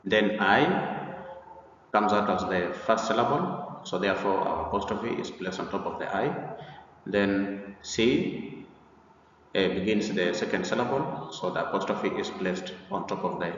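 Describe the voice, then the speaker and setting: A man teaching an English pronunciation lesson, explaining deliberately and repeating himself, with frequent hesitant pauses. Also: deep voice, a little hiss or hum. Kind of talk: slide-based pronunciation lesson. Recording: echoey room, far from the mic, dull sound.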